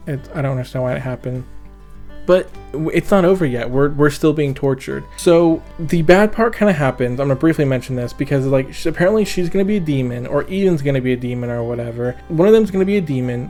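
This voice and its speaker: Young guy, a bit high-voiced, tired late-night book rant, sarcastic and sweary, over quiet guitar. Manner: exasperated, sarcastic, swearing, laughing at own jokes. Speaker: book reviewer. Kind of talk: casual rant review. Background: soft background guitar music.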